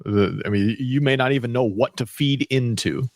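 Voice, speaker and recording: A man co-hosting a podcast in casual chat, explaining in a measured way. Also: mid-range voice, dry recording. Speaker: podcast co-host.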